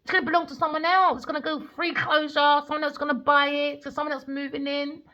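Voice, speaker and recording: A woman's voice: high voice, flat delivery, fast talker, pushed and bright, lo-fi sound. A woman, a tarot reader ranting in a blunt, heated, sweary monologue.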